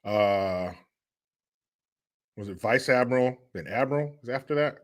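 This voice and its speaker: A man's voice: medium pitch, measured pace. A man hosting a casual livestream, reading out viewer donations with joking, sarcastic remarks and frequent laughter.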